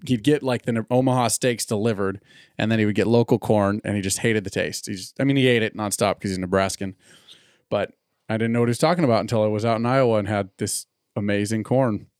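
A man's voice: on the low side, fairly even intonation, quick pace, darkish tone, clear, resonant tone, no room sound, studio quality. Rambling, joking man host. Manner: rambling, self-deprecating, laughs often. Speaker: podcast host. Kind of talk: casual chat over bourbon tasting.

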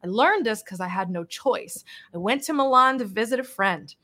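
A woman guest on a video-call interview, telling stories in a blunt, animated way with mild swearing. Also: fairly high pitch, moderate pace. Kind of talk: casual interview chat.

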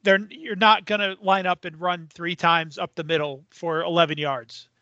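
A middle-aged man co-hosting a casual sports podcast, talking in a measured, thoughtful way. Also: sits high, fairly even intonation, sharp tone, no room sound, muffled recording. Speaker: podcast co-host.

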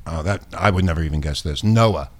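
A man hosting a crude talk radio show in a studio, loud and profane and often laughing. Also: rumbling low, a little fast.

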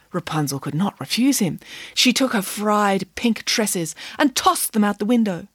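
A woman's voice: mid-range voice, lively intonation, normal speed, breathy edge, dry recording, clean studio sound. A woman narrating a children's story in a playful, dramatic way. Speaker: audiobook narrator. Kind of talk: expressive scripted narration.

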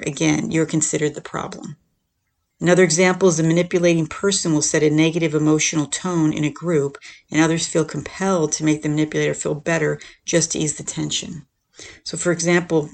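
A podcast host talking through ideas in an easy, conversational way, often tossing in "right?" and "you know". The voice has a gravelly, creaky edge and sits at a middling pitch. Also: a little fast. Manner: acts out quoted lines in a lifted, animated voice. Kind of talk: casual explanatory talk on relationships.

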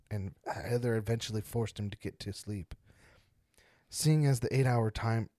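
A man's voice: lowish voice, mellow, dry recording, clean studio sound. A man hosting a casual podcast, joking around and reading spooky stories aloud with dramatic emphasis. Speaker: podcast host.

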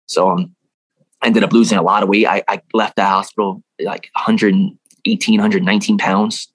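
A man's voice: lowish voice, little pitch movement, normal speed, no room sound. A young man telling a personal story in a casual interview, rambling and cursing freely, laughing now and then. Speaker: guest.

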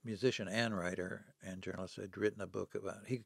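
A man's voice: sits low, steady tone, fast talker, vocal fry, husky, no room sound, clean studio sound. A man in his seventies, a podcast guest, telling stories in conversation and acting out the people he quotes. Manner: dramatic storyteller who acts out the people he quotes. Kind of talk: storytelling in conversation.

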